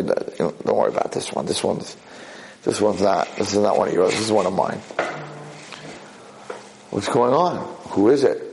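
A man giving a lecture as a lively story, repeating himself and jumping sharply higher in pitch for emphasis. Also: creaky, a little hiss or hum, rough recording. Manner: animated, leaps high in pitch for emphasis. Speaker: Jewish lecturer.

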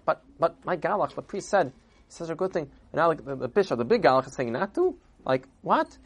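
A man putting on a loud, pompous nobleman. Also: on the high side, big pitch swings, fairly quick, husky, pitched above the performer's own voice, full character voice. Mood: fawning, baffled. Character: pompous, nasty nobleman lord.

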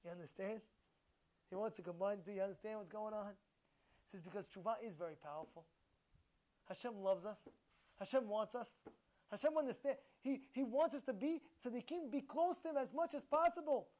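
A man teaching a short Torah lesson, emphatic and animated, firing rhetorical questions and repeating himself. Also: high voice, a little fast. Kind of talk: informal Torah talk.

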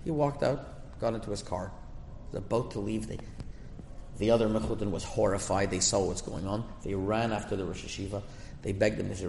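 A man's voice: lowish voice, steady tone, brisk, gravelly, darkish tone, a little hiss or hum. A man giving a Torah class as a rabbi, telling a story in an earnest, emphatic way and mixing in Hebrew terms. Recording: echoey room with long reverb.

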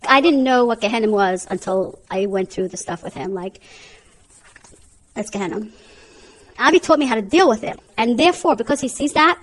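A woman's voice: on the high side, poor audio. A woman with giving an emotional, earnest personal testimony as a mother, often repeating herself. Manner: emotional, repetitive, earnest storytelling.

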